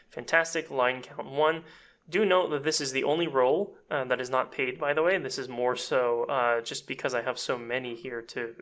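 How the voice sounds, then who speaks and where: A man giving a chatty, self-deprecating audio editing tutorial, explaining step by step as he clicks through software. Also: medium pitch. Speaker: voice actor and casting director.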